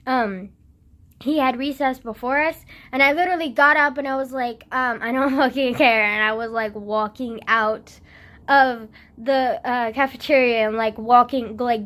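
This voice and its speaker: A woman's voice: high voice, a bit bright. A woman vlogging, telling stories in a rambling, giggly way, full of "like" and fillers. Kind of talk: casual storytelling to camera.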